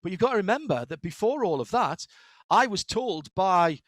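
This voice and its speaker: A middle-aged man with a Northeast English accent, chatting in an interview as a guest, telling stories quickly with frequent restarts. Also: sits high, dry recording. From Northeast England. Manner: fast-talking, animated storyteller with frequent restarts. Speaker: guest, motorsport commentator. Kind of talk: casual interview conversation.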